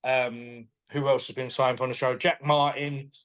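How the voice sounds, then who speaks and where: A man, a boxing promoter chatting as a guest in an interview, animated and quick to laugh. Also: mid-range voice, highs cut off. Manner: animated, enthusiastic, laughs often, retells dialogue. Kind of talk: casual interview chat.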